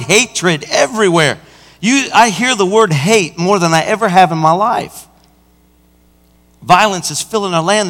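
A senior pastor preaching a sermon, acting out a roadside anecdote with lively emphasis. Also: male voice, sits high. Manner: animated preaching, acts out an anecdote. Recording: church hall with long reverb.

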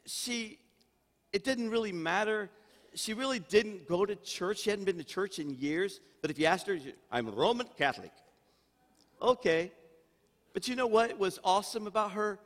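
A man's voice: high-pitched, moderate pace. An older man preaching a sermon as senior pastor, emphatic and calling out for amens. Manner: emphatic preaching, calls for amen. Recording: reverberant church hall.

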